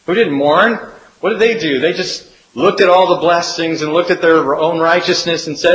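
A man preaching a sermon as pastor, speaking earnestly and swinging between emphatic rises and hushed, drawn-out drops. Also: fairly high pitch. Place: church sanctuary. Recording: echoey room with faint hiss.

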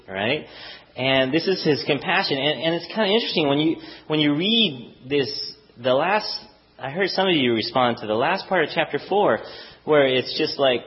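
Lively pastor preaching in a conversational way. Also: male voice, fairly high pitch, normal speed. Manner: conversational, animated, often acts out voices. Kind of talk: sermon. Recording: dull lo-fi recording.

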